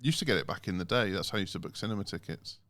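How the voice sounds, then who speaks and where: A man co-hosting a casual podcast, animated and lively, breaking into mocking imitations of automated phone messages. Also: deep voice, racing, no echo. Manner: animated, mimics phone recordings in sing-song voices. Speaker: podcast co-host.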